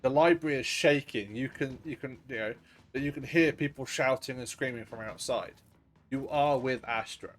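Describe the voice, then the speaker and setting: A man narrates a tabletop game as dungeon master, laid-back and quick to laugh and curse. His voice sits at an ordinary middle pitch. Faint ambient music hums behind him. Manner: casual, swearing, laughs often.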